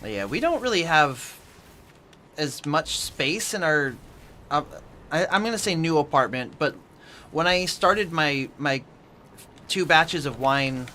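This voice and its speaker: Lively bright-voiced male streamer. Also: a little high, slow pace, pauses often, slight background noise. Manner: chatty, reads and answers chat messages aloud. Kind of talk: casual chat with viewers while gaming. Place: at home in an apartment.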